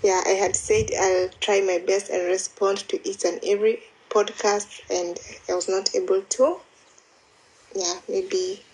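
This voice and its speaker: A woman speaks slowly in a casual voice message, rambling and apologizing and restarting her sentences. A faint hiss of noise sits under her voice. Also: medium pitch, little pitch movement, darkish tone, low-quality recording. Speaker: listener replying by voice message.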